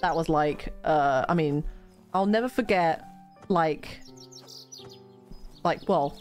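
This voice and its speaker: Woman, low-ish voice, casual gaming chat, rambling, restarts phrases, faint music behind. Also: slow. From outside the United States. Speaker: co-host of a gaming chat show. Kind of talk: casual chat while playing a game.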